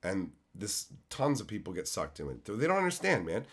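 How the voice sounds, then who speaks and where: A man's voice: lowish voice, huge pitch swings, normal speed, husky. A man in his thirties from Canada, ranting on his stream with heated sarcasm and constant swearing. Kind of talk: profane ranting.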